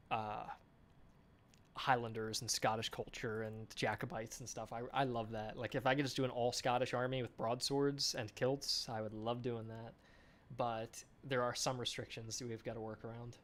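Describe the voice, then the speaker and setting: A man hosts a game developer live stream in a loose, casual chat. He reads viewer comments aloud and answers them on the spot, chatty and enthusiastic. His voice sits at an ordinary mid-range pitch.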